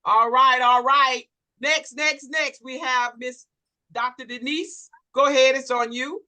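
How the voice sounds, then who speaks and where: High, bright, hyped meeting host woman. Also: steady tone, a little slow. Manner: hyped, cheering whoop-whoop calls. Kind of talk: hosting a video call. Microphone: video call.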